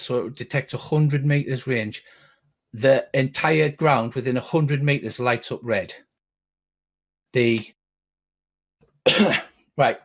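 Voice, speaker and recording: A middle-aged man narrating as game master, rambling with frequent restarts and casual swearing. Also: medium pitch.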